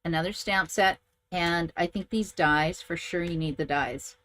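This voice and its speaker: A woman's voice: on the low side, measured pace, fairly bright tone, a little hiss or hum. A middle-aged woman from Canada, chatting casually as she demonstrates papercraft and greets viewers by name. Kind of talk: casual live craft demo.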